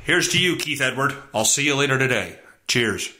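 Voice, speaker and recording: A man's voice: mid-range voice, expressive, moderate pace, sharp tone, a little hiss or hum. A man hosting a solo podcast, ranting in a worked-up way and swearing often. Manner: profane, worked-up rant. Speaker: podcast host.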